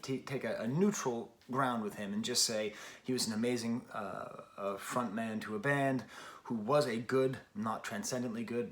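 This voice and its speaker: Rambling man in his forties reviewing. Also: medium pitch. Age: 40s. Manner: rambling, self-deprecating, frequent restarts. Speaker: album reviewer. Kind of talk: casual spoken album review.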